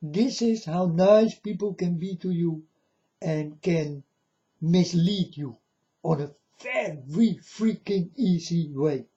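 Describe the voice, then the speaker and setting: A man giving an earnest, halting religious monologue to camera in non-native phrasing. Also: on the high side, mellow, dull audio. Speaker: religious video maker.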